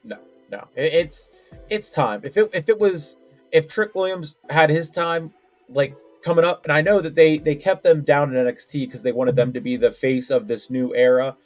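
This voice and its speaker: A man's voice: fairly high pitch, moderate pace, soft background music. A man co-hosting a podcast, chatting casually with lots of restarts and filler. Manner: rambling, full of restarts and "like". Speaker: podcast co-host. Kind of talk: casual wrestling predictions chat.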